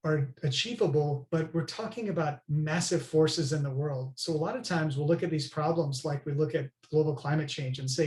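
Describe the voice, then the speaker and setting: A man talks earnestly as a podcast guest, his voice sitting a little high for a man. He stresses his points and keeps checking in with his listener. The sound has a noticeable room echo. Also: moderate pace, hardly any pauses, a little mellow. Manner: earnest, emphatic, many "right?" tags. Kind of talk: conversational interview.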